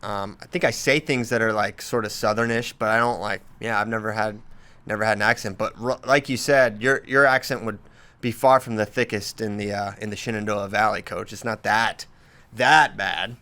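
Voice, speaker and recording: A man's voice: fairly low pitch, steady tone, moderate pace, bright, forceful tone. A man hosting a podcast, teasing his guest and reading listener questions in easy, casual chat, laughing often. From US South. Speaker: podcast host.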